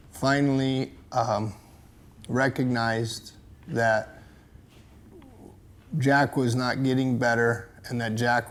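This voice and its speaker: A stepfather in his sixties speaks in a documentary interview, measured and reflective, pausing hesitantly. His voice is mid-range.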